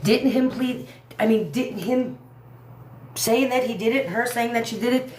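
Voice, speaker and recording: A woman's voice: fairly high pitch, unhurried, background noise. A woman giving a heated, profane commentary rant on a livestream, repeating herself as she vents. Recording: echoey room.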